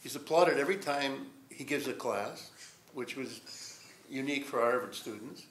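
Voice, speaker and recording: A man's voice: medium pitch, normal speed, fairly bright tone, a little hiss or hum. An older man giving a rambling, reflective storytelling lecture at a college, chuckling often. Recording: echoey lecture room.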